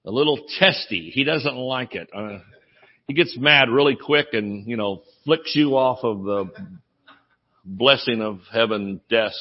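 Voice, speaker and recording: This Southern-accented preacher has a medium-pitched, unhurried voice, recorded with the high frequencies cut off. His sermon is humorous and story-filled, told in an animated way with plenty of laughter.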